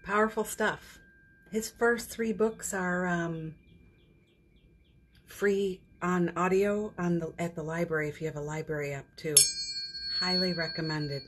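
A woman's voice: fairly low pitch, fairly even intonation, measured pace, slightly rough. A woman hosting a daily live stream from her phone at home, chatting casually about spiritual matters, laughing often and trailing off mid-sentence.

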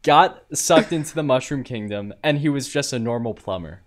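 A young man co-hosting a casual podcast, talking in an animated, joking way. His voice sits in a middle register, and his speech is loose and conversational. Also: mid-range voice, moderate pace, slight background noise. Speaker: podcast co-host. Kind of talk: casual chat.

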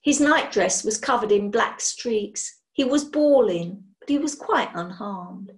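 A woman reading a children's story aloud in an expressive, animated way. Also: medium pitch, a little slow. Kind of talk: children's book read-aloud.

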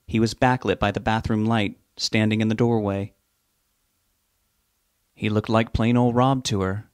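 A man reading a novel aloud in a measured, steady way. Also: on the low side, no echo, studio quality. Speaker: narrator. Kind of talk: audiobook narration.

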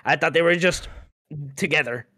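Male podcast co-host, slightly high voice, dry close-mic sound, relaxed and easygoing, casual swearing. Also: normal speed, dry recording. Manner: laid-back, agreeing, swears casually, chuckles. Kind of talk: casual gaming podcast chat.

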